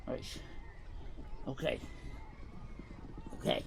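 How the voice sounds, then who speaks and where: An Irish man livestreaming, shouting and swearing in a comic rant. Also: extremely high pitch, unhurried, pauses often, slight background noise. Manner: loud, profane ranting and shouting; comic exasperation. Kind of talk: live stream chat.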